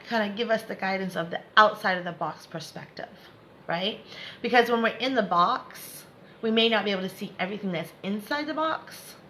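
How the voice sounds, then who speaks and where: A woman's voice: mid-range voice, sharp tone, slight background noise, low-quality recording. A woman giving a live spiritual lesson, repeating herself to encourage viewers and laughing often. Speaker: spiritual teacher.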